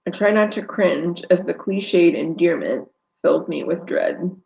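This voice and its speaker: Woman, live novel reading, gravelly voice, dull lo-fi sound. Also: lowish voice, unhurried. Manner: steady first-person narration. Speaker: author.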